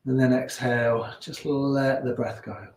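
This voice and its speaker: A man with a Leicester accent teaching a gentle yoga class, giving calm, unhurried cues with chatty asides. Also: medium pitch, a little hiss or hum. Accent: Leicester English. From England. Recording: echoey room.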